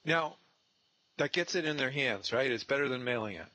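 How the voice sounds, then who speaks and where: A man coaching a trainee one on one on real estate prospecting, animated and acting out sales scripts. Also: medium pitch, normal speed, dry recording, low-quality recording.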